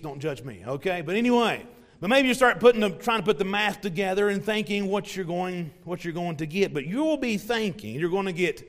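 High-voiced preacher in a reverberant church. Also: male voice. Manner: conversational, joking with congregation, acts out voices. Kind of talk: evening sermon. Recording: long hall reverb.

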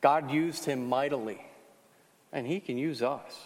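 A man's voice: medium pitch, unhurried. A man preaching a sermon who questions the congregation directly and rises in force on the key points. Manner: asks the congregation questions, emphatic and rising on key lines. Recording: long hall reverb.

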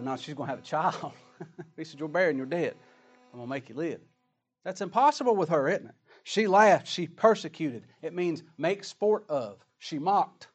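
A man preaching a sermon, reading scripture aloud and asking emphatic rhetorical questions. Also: mid-range voice.

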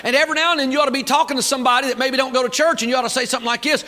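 A man's voice: extremely high pitch, steady tone, rapid-fire, sharp tone. A man preaching a sermon, fired up and folksy, talking back and forth with the crowd. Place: church auditorium.

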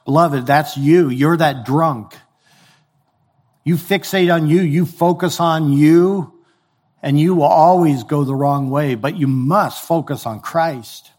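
An older man delivers a sermon with a voice that sits a little higher than most men's. He keeps it conversational and direct, and he slips into voices when he quotes complaining listeners. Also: takes it slowly, a little mellow. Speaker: pastor.

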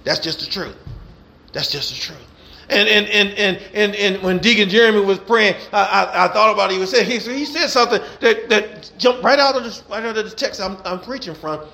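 Gravelly high-voiced preacher man. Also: fairly quick, bright, forceful tone. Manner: emphatic preaching with repetition and call-outs. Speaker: pastor. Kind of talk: sermon.

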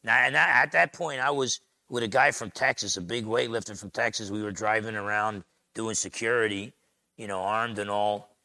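Gravelly New Jersey pastor preaching. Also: male voice, on the low side, normal speed, dry recording. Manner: storytelling, animated and conversational. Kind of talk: sermon.

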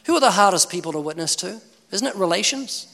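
An evangelist gives a humorous preaching talk on evangelism, animatedly acting out conversations as part of it. His voice is high, quick and creaky. Hall reverb echoes around him.

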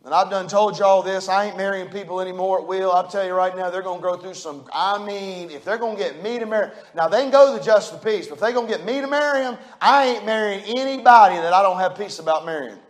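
A middle-aged pastor preaching with a high, ringing voice. He talks in a folksy, plain-spoken way and swings between quiet, close passages and loud, fervent peaks. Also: quick pace, hardly any pauses. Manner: preaches with rising fervor, folksy and emphatic. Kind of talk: sermon.

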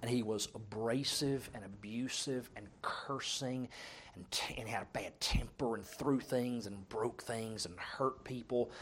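A middle-aged man preaching a sermon, telling humorous stories and swinging between loud and soft. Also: medium pitch, steady tone, measured pace, slight background noise.

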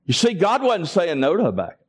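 A man's voice: high-pitched, wildly swooping pitch, brisk, husky. A man preaching a sermon and calling for responses from his congregation. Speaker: pastor.

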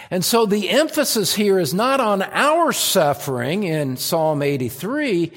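A man preaching an expository sermon at a Bible study, deliberate and emphatic, pressing hard on key phrases. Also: high voice, sing-song. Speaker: pastor. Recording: long hall reverb.

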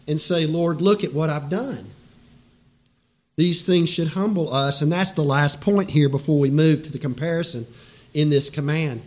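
A preacher with a high male voice. He talks to his congregation like friends, leans hard on his key words, and chuckles now and then between his points. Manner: conversational, emphatic, laughs between points. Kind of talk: sermon.

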